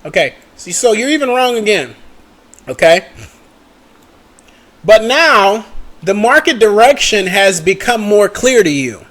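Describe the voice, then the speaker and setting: Young male trading teacher, high-pitched, conversational, talks straight to the viewer. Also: sing-song, measured pace, long pauses, a bit bright. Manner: chatty, checks in with "okay?" and "right?" often, mutters at his computer. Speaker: trading educator. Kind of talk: casual screen-share lesson.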